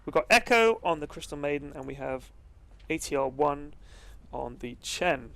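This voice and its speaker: A man casting a video game match in a relaxed, chatty way, joking and swearing freely. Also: a little high, normal speed, vocal fry. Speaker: esports caster. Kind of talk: casual game commentary.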